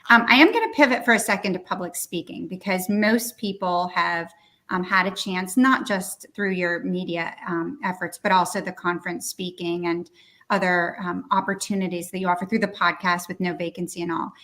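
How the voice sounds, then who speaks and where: A woman from a small town who hosts a podcast, asking questions in a thoughtful, measured way. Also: fairly low pitch, steady tone, bright, forceful tone. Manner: thoughtful, measured, with frequent "um" fillers. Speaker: podcast host and interviewer. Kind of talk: conversational interview.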